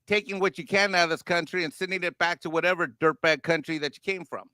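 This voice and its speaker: A man's voice: high voice, fairly even intonation, quick pace, pushed and bright, no echo. A man co-hosting a political talk show from his home, joking brashly and sarcastically. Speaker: co-host. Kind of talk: casual political chat. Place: home near a golf course.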